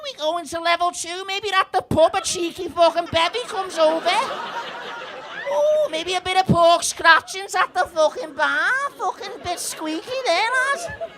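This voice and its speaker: A man voicing a rowdy young Liverpool man at the pub, with a Scouse accent, squeaky and shouting. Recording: live club recording with background noise.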